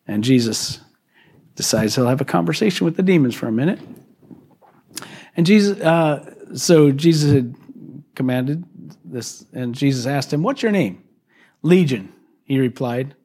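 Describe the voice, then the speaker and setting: A male pastor preaches to his congregation in an easygoing, conversational manner. His voice sits a little high for a man, and he retells the story with lively, animated asides. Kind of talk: sermon. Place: church service.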